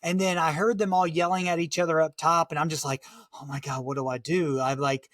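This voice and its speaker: A man talking through a dramatic survival story in conversation, halting and full of fillers. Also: a little high, fairly even intonation, fairly bright tone, dry recording, clean studio sound. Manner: vivid, halting retelling with many "like" fillers. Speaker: guest, motivational speaker.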